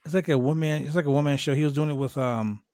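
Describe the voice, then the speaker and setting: A man's voice: a little high, fast talker. A man co-hosting a wrestling podcast, swearing freely and telling loose, rambling stories in casual chat. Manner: profane, storytelling, animated.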